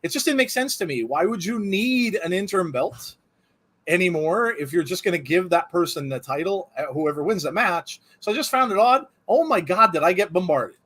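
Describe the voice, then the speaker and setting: Animated high-voiced man hosting. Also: normal speed. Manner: animated, rambling, laughs often. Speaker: host. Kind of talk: casual live watch-along chat.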